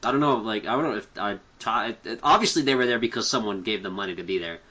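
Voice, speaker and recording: A man's voice: lowish voice, fast, sharp tone, husky. A man co-hosting a casual chat, easygoing and hesitant, often trailing off. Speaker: podcast co-host.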